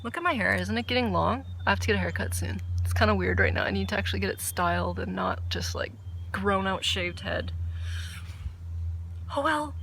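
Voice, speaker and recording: A woman hosting a casual knitting podcast outdoors, chatty, excitable and self-deprecating. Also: mid-range voice, quick pace, slight background noise. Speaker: podcast host. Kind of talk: casual chat about knitting. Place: outdoors under a tree.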